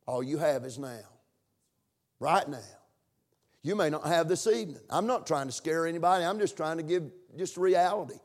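A man's voice: fairly high pitch, a little mellow. A middle-aged man preaching a sermon and leading a fervent prayer. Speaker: pastor.

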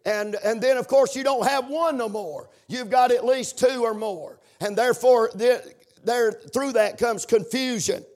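A man's voice: extremely high pitch, a little slow, a little mellow. A man preaching a sermon in a chanting, sing-song cadence, breaking in with amens.

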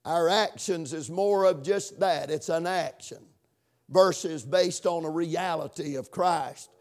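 A man preaching a sermon and praying, halting with fillers, stretching key words and rising in pitch for emphasis. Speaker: pastor.

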